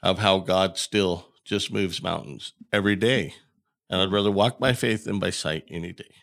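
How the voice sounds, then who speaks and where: A man's voice: low voice, normal speed, gravelly, a bit bright. A man who is a podcast guest, telling a story in a casual way and acting out the dialogue he quotes.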